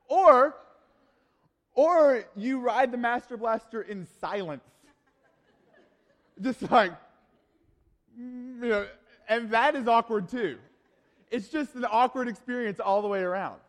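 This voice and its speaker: A man, a youth pastor, telling a story in a sermon, animated and casual with lots of fillers. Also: very high-pitched, a little slow, big-room sound.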